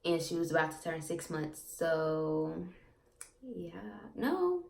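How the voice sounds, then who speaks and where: A young woman vlogger tells a story in a relaxed, rambling way, stacking up fillers and repeating herself. Her voice sits on the low side with a gravelly edge. She sounds a bit far from the mic in an echoey room. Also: slow pace. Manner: chatty, repeats herself, lots of "like" and "um". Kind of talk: casual storytelling to camera.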